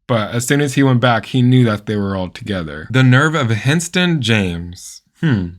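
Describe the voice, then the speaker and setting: A man in the middle of his pitch range delivers reaction commentary on viral clips. He is sarcastic and opinionated and jumps into animated outbursts. His tone stays pointed and judgmental. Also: normal speed.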